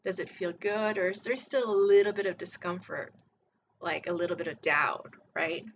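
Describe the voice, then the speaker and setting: A woman working as an energy healer, calmly and gently coaxing the listener through a guided healing meditation. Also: lowish voice, moderate pace, slight background noise. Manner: calm, gently coaxing, often says "all right" and "beautiful".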